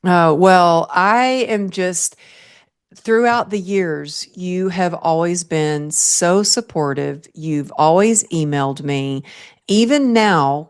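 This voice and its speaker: A woman hosting a podcast interview, telling a story in an earnest, animated way and laughing often. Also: low voice, clean tone. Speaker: podcast host.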